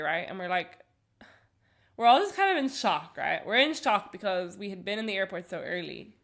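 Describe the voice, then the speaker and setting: A woman telling a travel story on a podcast, animated and full of laughter. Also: on the low side. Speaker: podcast co-host. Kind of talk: casual storytelling chat.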